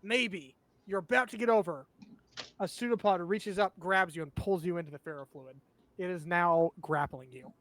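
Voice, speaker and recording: Running a tabletop game as its game master, a man with a strikingly high voice paints the scene in vivid detail. He stops now and then to walk his players through rules and checks, laughing together with them. His tone is slightly bright, and the recording carries no room sound.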